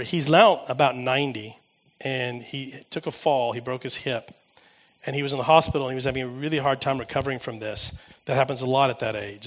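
Man preaching with animated storytelling. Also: medium pitch. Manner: animated storytelling, swings from loud emphasis to quiet asides. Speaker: pastor. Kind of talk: sermon.

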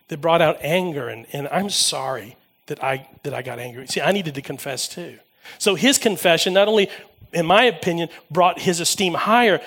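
A male pastor giving a sermon, telling personal stories with lively swings from loud emphasis to quiet asides. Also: sits high.

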